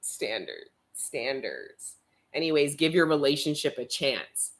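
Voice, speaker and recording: A woman's voice: low voice, sing-song, measured pace. A young woman doing a live tarot reading, chatting casually with viewers, laughing often and swearing now and then. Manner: chatty, laughs often, reads out chat comments. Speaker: tarot reader.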